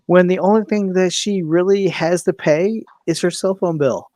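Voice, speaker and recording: A young man telling a story in casual podcast chat, animated, swearing freely and acting out what people said. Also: high-pitched, measured pace, no echo. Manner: animated, swears freely, laughs often, acts out quoted voices. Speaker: podcast co-host.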